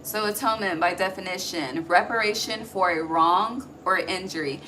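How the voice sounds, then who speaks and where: A woman reads tarot in a loose, chatty way, cursing casually and checking in with her listeners. Her voice is bright and forward. It is recorded on a phone with a faint hiss underneath. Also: on the low side, moderate pace, rough recording. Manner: chatty, profane, asks "okay?" often. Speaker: tarot reader. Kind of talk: casual intuitive tarot reading.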